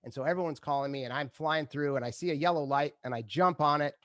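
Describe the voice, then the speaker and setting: Fairly high-pitched and quick, this middle-aged man's voice comes through clean studio audio without echo. A retired advertising executive, he's a guest in a conversational interview, spinning lively stories, performing quoted lines, and laughing frequently.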